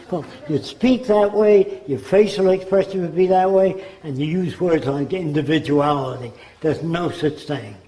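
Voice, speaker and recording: A man's voice: a little high, dark tone. An American man in his nineties giving a conversational public lecture, now and then mimicking accents. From United States. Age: 90s. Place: lecture hall. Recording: roomy hall echo.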